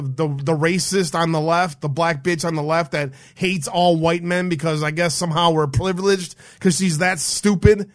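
A man hosting a live call-in stream, telling a story in a heated, profane rant full of restarts. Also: on the high side. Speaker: stream host taking callers. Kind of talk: casual ranting storytelling.

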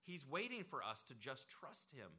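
A man preaching a sermon in a bright, sharp voice. He talks to the congregation conversationally and leans into points with emphatic repetition. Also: medium pitch, big pitch swings, normal speed, slightly rough. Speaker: pastor.

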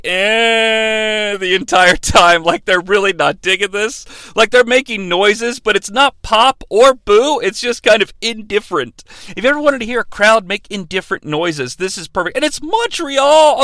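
A man's voice: very high voice, gravelly, pushed and bright, dry recording. A man hosting a wrestling podcast, joking casually and mimicking the people he talks about. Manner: jokey, mock-impressions of wrestlers. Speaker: podcast host.

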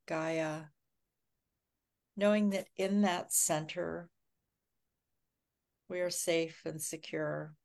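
A woman co-hosting a livestream, talking softly and calmly as she guides a grounding meditation. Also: lowish voice. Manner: slow, soft-spoken, calming. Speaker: co-host.

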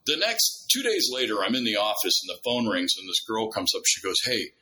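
A man's voice: lowish voice, a little fast, a little hiss or hum, poor audio. A middle-aged man telling stories in a casual conversation, acting out dialogue with many restarts. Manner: animated storyteller, acts out dialogue, many restarts. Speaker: guest.

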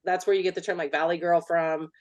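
A woman's voice: lowish voice, fairly even intonation, fast. A Californian woman co-hosting a podcast, chatting casually with strong opinions, swearing freely and saying "like" a lot. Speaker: podcast co-host. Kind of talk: casual chat.

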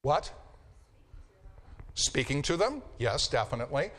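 A man's voice: mid-range voice, big pitch swings, measured pace, fairly bright tone. A man lecturing a Bible class, repeating key phrases for emphasis and checking in with his students. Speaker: Bible teacher.

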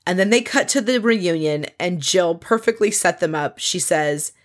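A chatty woman with a slightly low voice talks through a reality show recap. She is animated and swears freely, and she acts out the lines other people said as she goes. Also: normal speed.

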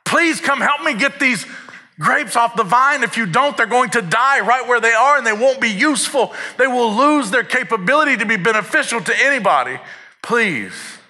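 A frantic landowner pleads for help, his voice pushed high and strained with desperation, as a preacher acts him out in a sermon. The tone is sharp and tense, and the pitch sits well above the speaker's natural range. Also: expressive, normal speed, heavily acted. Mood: pleading. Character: desperate male landowner begging for harvest workers. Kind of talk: sermon storytelling.

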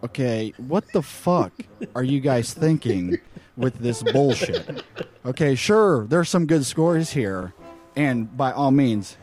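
A man's voice: mid-range voice, lively intonation, slow, darkish tone, soft background music. A man hosting a film podcast, ranting with heavy profanity and exasperation. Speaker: podcast host.

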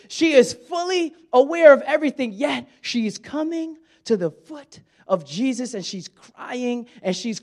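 Middle-aged male pastor, very high-pitched, conversational sermon delivery. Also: darkish tone. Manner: conversational preaching, acts out quoted lines.

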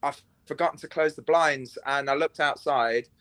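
A man's voice: on the high side, normal speed, fairly bright tone, no room sound. A young man, a podcast guest on a remote call, telling rambling, crude stories in casual chat with lots of fillers.

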